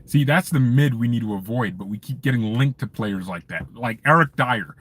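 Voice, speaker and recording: A man hosting a fan channel live stream from his parked car, chatting casually with viewers in an animated, joking, ranting way. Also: medium pitch, normal speed, slight background noise.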